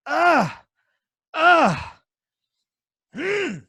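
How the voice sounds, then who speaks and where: Brief: male podcast co-host, furious cursing rant, unhurried, high lively voice, dry video-call sound. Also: creaky, no echo. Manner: angry profane rant. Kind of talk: casual podcast chat.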